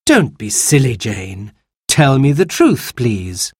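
Storybook mother, firm and brisk, slightly raised, as a man puts her on. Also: medium pitch, sing-song, a little mellow, breathy edge, no room sound, studio quality, full character voice.

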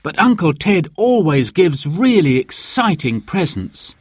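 A man voicing an excited eleven-year-old boy in a storybook reading, eager and breathless. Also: fairly high pitch, a little slow, breathy edge, no room sound, pitched above the performer's own voice, exaggerated voice.

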